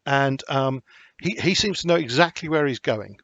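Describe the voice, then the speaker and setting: Man, game master, halting delivery full of ums, dry close sound, slightly dull lo-fi audio. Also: medium pitch, animated, fairly bright tone, no echo. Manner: hesitant, many ums and restarts. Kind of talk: narrating a tabletop horror game.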